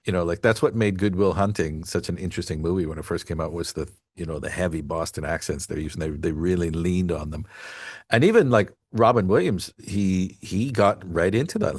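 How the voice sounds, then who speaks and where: A man's voice: deep voice, darkish tone, slightly rough, no echo, clean studio sound. A man hosting a podcast, rambling in casual chat with many asides. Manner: rambling, full of fillers and asides. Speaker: podcast host.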